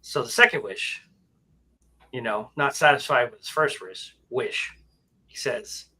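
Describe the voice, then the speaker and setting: A man in casual banter, telling an animal joke with loud voices for the characters. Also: mid-range voice, unhurried, long pauses, husky.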